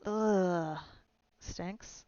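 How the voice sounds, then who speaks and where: Squeamish whiny girl, voiced by a woman reader; smooth, dry. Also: lowish voice, drawn-out words, warm tone, no echo, muffled recording. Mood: disgusted. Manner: whiny, disgusted.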